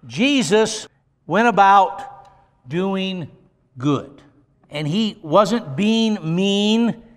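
A man preaches in a high voice, folksy and emphatic, swinging from low asides to loud rises. His words ring with the long reverb of a big hall. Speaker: pastor. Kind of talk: sermon with closing prayer. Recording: long echo of a church hall.

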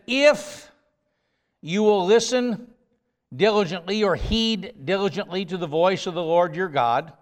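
A male preacher delivers a sermon in a fairly high, smooth and resonant voice. He speaks slowly and leans hard on single words, stretching them out for emphasis. His voice carries a long reverb, as if it fills a big hall. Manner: emphatic, drawn-out stresses on key words.

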